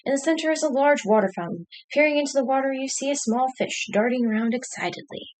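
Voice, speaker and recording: Woman streamer reading a choose-your-path story, dry little asides, kinda high voice. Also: fast, darkish tone.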